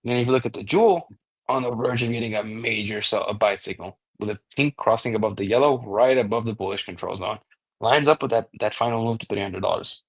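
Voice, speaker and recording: A man's voice: on the low side, fast talker, vocal fry, slightly rough. A man giving a casual chart analysis as a crypto trading analyst, talking loosely with frequent restarts and the odd swear word.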